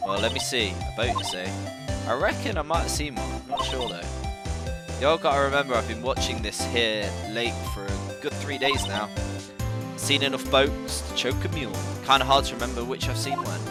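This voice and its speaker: A man's voice: medium pitch, moderate pace, close to an everyday voice. Feisty Southern woman photographer, done by a man, folksy drawl, blustering. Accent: American Southern put-on. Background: loud game music.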